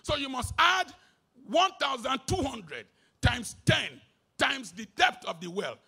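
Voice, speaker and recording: Nigerian-accented man, middle-aged, emphatic sermon; bright, husky edge, dips into Pidgin. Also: big pitch swings, slow pace. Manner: emphatic, swinging from shouted bursts to low asides, mixing in Pidgin. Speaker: preacher.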